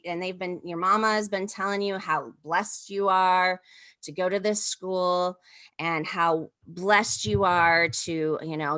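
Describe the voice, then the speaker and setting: A woman's voice: medium pitch, bright, forceful tone. A woman pastor leading listeners through a vivid second-person story in an intimate, conversational way, speaking over a video call. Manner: intimate, vivid, with many fillers.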